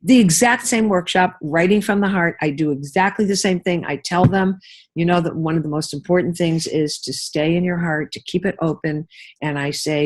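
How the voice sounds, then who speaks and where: A woman's voice: lowish voice, normal speed. An older woman, an interview guest, telling personal stories and acting out the voices of people she quotes. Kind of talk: interview conversation.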